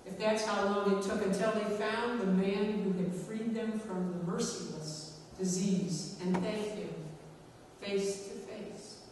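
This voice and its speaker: The woman delivering this sermon speaks deliberately, with dramatic pauses and fairly even intonation at a middle pitch. She's recorded from well back in a big church, so a long reverberation follows each phrase above faint room noise.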